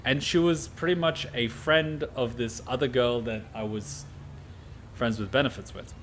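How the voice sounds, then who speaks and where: A man's voice: mid-range voice, moderate pace, a little hiss or hum. An Australian man streaming a game reaction, telling a rambling casual anecdote full of fillers and laughter.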